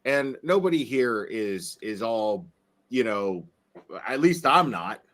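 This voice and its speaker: A man's voice: mid-range voice, big pitch swings, slow, a bit bright. A man giving earnest opinion commentary in a played clip, repeating himself and stumbling over words.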